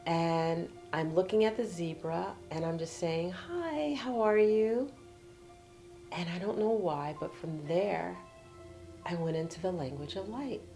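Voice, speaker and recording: A woman telling a personal travel story with animation, swinging from excited to hushed. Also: fairly low pitch. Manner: animated, excited retelling that drops to hushed tones. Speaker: storyteller sharing her travels.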